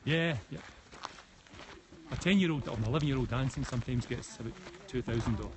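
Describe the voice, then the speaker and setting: A man's voice: mid-range voice, brisk. Scottish man walking and chatting, west of scotland accent, phone stream with noise behind. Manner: chatty, answers comments, frequent restarts. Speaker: live-stream host. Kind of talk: casual live-stream chat answering comments. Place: mountain forest path outdoors. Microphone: phone held while walking. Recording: outdoor phone stream with clear background noise.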